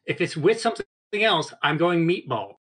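A man as a podcast guest, telling rambling anecdotes in a relaxed, casual way. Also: fairly high pitch, normal speed, a little hiss or hum. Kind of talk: casual storytelling.

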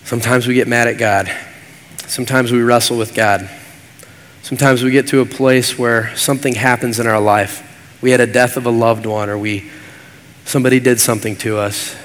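A man's voice: medium pitch, steady tone, moderate pace, slight background noise. A man preaching a sermon as pastor, earnest and repetitive in his cadence. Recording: long hall reverb.

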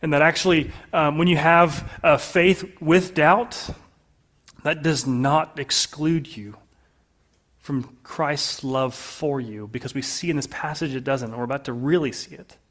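A man with a slightly high voice delivers a sermon as a pastor. He speaks earnestly to the congregation, often dropping soft and low to press a point home. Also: steady tone, a little slow.

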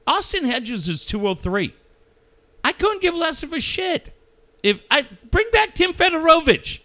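A man's voice: very high-pitched, sing-song, measured pace, bright, forceful tone. A man ranting about local sports with constant swearing and mocking put-on voices. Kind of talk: profane sports rant.

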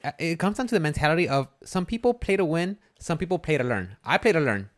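Man, casual chat, fast talker, slightly high voice, repeats himself. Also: animated. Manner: quick-talking, repeats himself, agreeable.

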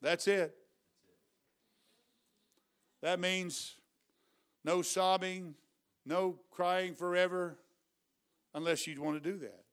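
A man preaching a revival sermon with a drawl. His voice sits high and comes through smooth and clear. He moves from hushed storytelling to loud, fervent exhortation. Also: steady tone, slow, long pauses.

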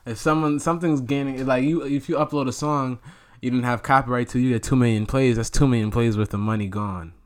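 A man's voice: medium pitch, steady tone, brisk. A young man from New York, a music producer, talking slangy and laid-back in a casual podcast chat.

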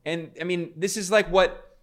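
A man's voice: high voice, fairly even intonation, normal speed, fairly bright tone. A man giving fervent political commentary, talking through clips with frequent restarts. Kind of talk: casual commentary over clips.

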